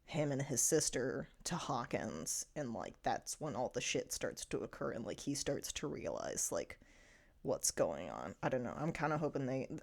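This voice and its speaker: A woman's voice: sits low, darkish tone. A young woman giving a casual, rambling spoken TV review, full of fillers and frequent laughs. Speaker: TV review vlogger.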